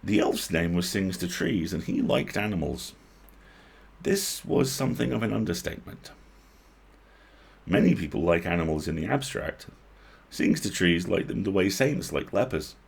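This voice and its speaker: Low, husky man reading a story. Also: moderate pace. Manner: expressive reading with asides. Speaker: host reading a book aloud.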